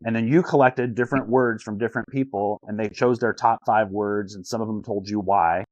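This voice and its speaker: A man's voice: fairly low pitch, fairly even intonation, a little fast, no echo, lo-fi sound. A man talking as a life coach on a video call, earnest, often repeating words as he searches for the phrasing. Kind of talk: casual coaching talk over a call.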